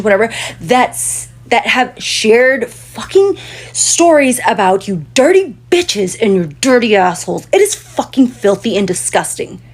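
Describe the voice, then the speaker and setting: A woman's voice: fairly high pitch, husky. Indignant, foul-mouthed woman ranting. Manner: indignant, swearing heavily. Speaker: commentator reacting to videos. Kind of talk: profane reaction rant.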